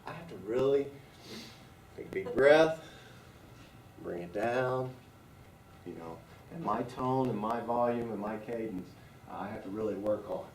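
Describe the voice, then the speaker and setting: A man's voice: fairly low pitch, measured pace, pauses often, darkish tone. A man leading a staff training class, talking conversationally and asking the room questions. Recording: echoey room from far off.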